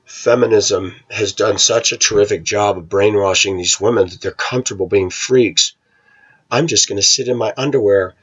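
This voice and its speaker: A man's voice: moderate pace, a bit bright, breathy edge, lo-fi sound. A middle-aged American man ranting in a casual, opinionated monologue, sometimes mocking other people's voices. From United States. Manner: opinionated, scornful, mocks voices in falsetto. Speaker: vlogger.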